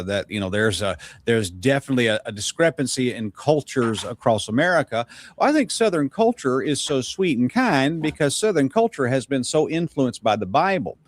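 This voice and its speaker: A man's voice: mid-range voice, dry recording. A man from Georgia talking casually, rambling with lots of fillers. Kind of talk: casual opinion talk.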